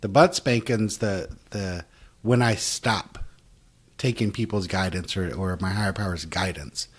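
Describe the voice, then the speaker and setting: A man's voice: low voice, measured pace, slightly rough. A man co-hosting a podcast, talking bluntly and with animation about spiritual principles, using salty language. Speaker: podcast co-host. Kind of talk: casual spiritual recovery talk.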